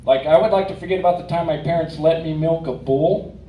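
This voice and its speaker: Higher-voiced man doing stand-up. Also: fairly quick, dark tone, a little hiss or hum. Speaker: stand-up comedian. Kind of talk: stand-up routine. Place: comedy club stage. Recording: roomy club audio from a distance, audience laughter.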